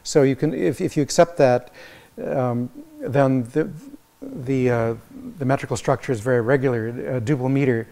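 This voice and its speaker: A visiting music professor lectures in a lecture hall, working through his ideas aloud with many halting restarts. He speaks at a medium pitch, and his voice is creaky and mellow.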